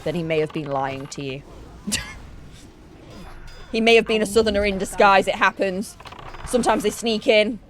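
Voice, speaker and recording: A woman's voice: mid-range voice, moderate pace, long pauses. A woman from Yorkshire with a northern English accent, chatting and teasing her viewers in a casual live stream while she plays a game. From Yorkshire, England. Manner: chatty, teasing, jokey banter with chat.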